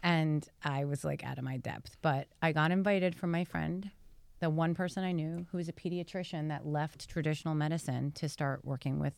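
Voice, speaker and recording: A woman guest on a podcast, telling a story in a chatty, animated way with many fillers. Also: low-pitched, normal speed, gravelly, dry recording. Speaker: guest, behavioral psychology scientist.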